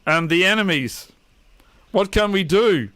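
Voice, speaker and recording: A frightened orc shaman, as a man puts him on for a tabletop game. He pleads and declaims, voice pushed a little higher than his usual speech. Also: animated, measured pace, bright, forceful tone, clean tone, no echo, exaggerated voice. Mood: desperate.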